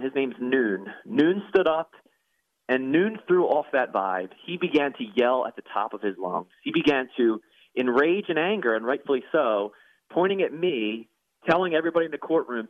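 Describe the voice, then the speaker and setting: A man's voice: medium pitch, lively intonation, moderate pace, no echo. Guest man, pastor, earnest preacherly testimony, tinny phone-line audio. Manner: earnest, preacherly, repeats words when moved. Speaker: guest, former professional soccer player and pastor. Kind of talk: emotional personal testimony.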